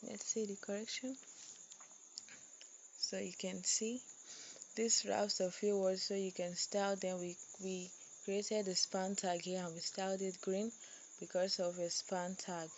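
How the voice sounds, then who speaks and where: Woman coding tutor, measured and monotone, repeats words while typing. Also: mid-range voice, dull audio, slight background noise. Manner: dictates slowly while typing, repeats phrases. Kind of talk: screen-recorded coding tutorial.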